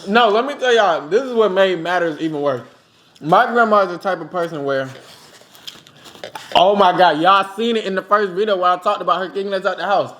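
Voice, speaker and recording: High-voiced young man telling stories. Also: brisk. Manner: animated, laughing storyteller. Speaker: host. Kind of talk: casual storytelling mukbang chat.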